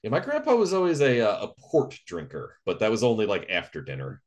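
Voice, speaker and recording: A man's voice: lowish voice, wildly swooping pitch, brisk. A man co-hosting a podcast in casual chat, laid-back with dry humor and frequent laughs. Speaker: podcast co-host.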